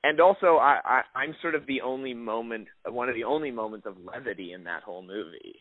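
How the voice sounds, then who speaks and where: Over a dry, tinny phone line, a young man who acts talks casually in an interview, rambling and packing in restarts and fillers. His mid-range voice runs a little fast, with a crowd audible in the background.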